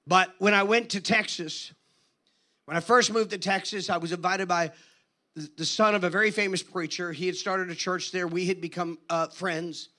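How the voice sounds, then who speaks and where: A man preaching a sermon in an animated, conversational storytelling manner. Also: high-pitched, moderate pace. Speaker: guest preacher.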